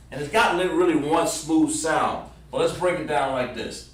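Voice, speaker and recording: A Southern American man gives a pronunciation lesson on a livestream, sounding out syllables one at a time. He speaks in a halting way and often repeats his words. His voice comes from a mic some distance away and carries the echo of the room. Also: mid-range voice, expressive. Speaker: religious language teacher.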